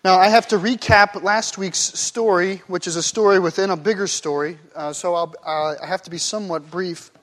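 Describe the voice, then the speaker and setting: A man's voice: sits high, fairly even intonation, normal speed, hardly any pauses, a bit bright. A man preaching a sermon as pastor, playful and demonstrative, acting out one phrase in many different tones of voice. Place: church sanctuary.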